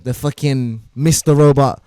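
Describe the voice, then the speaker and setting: A young man telling a wild story as a streamer, swearing, shouting and making sound effects as he goes. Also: medium pitch, fairly even intonation, unhurried, clear, resonant tone, dry recording. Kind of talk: animated storytelling.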